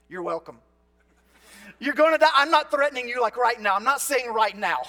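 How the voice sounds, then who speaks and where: A man preaching a sermon as a pastor, conversational, moving between loud emphatic bursts and quiet, low asides. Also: lively intonation, moderate pace.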